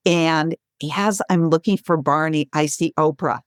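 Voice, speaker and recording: A woman in her sixties, a guest author and speaker, telling stories in an interview with lively, laughing delivery. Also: measured pace, no echo, studio quality. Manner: animated, acts out quotes with bright pitch jumps, laughs often. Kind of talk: conversational storytelling.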